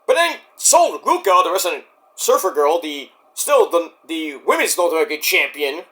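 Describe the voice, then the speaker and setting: Man, high voice, very lively up-and-down delivery, rambling profane show recap. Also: normal speed. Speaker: wrestling show reviewer.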